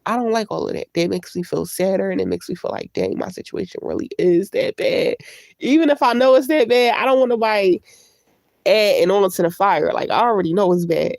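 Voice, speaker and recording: Congested woman on a live vlog, super gravelly voice, dry close sound, chatty and candid. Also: mid-range voice, lively intonation, brisk, a little mellow, dry recording. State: congested from a cold. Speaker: YouTube vlogger. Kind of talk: casual live-stream chat.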